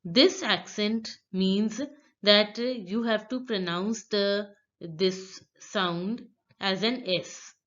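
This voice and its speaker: Woman, teacher, very slow and careful, patient repetition, dull lo-fi sound. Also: medium pitch, a bit bright. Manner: patient, repeats words for learners. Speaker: French teacher. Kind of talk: slow explanatory lesson.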